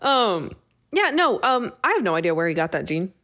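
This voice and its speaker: A young woman co-hosting a podcast, quick to react and laughing often in casual chat. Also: on the low side, very animated, fairly bright tone. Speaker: podcast co-host.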